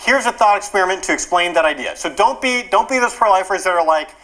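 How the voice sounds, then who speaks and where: A male workshop speaker explains ideas at a brisk clip. His pitch swings lively and expressive, and he keeps the room engaged with an animated delivery. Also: poor audio. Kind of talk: conference workshop lecture.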